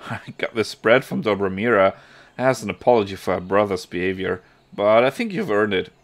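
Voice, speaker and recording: A man's voice: on the low side, animated, moderate pace. A man voicing a friendly, grateful medieval villager.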